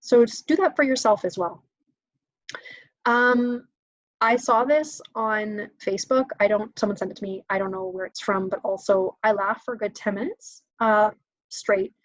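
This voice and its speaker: A woman in her thirties talks through a casual webinar, chatty and self-mocking, then turning gently reassuring. Her voice sits at a middling pitch, and the audio is a little muffled and lo-fi. It is recorded dry and close, with no room sound. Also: normal speed, dry recording. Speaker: webinar host. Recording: dull lo-fi home webinar audio.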